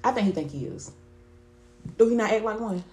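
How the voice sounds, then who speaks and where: A woman's voice: medium pitch, brisk, reverberant, soft background music. A woman co-hosting a podcast, chatting candidly and telling stories with lots of slang. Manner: candid, animated storytelling with slang. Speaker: podcast co-host. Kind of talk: casual chat.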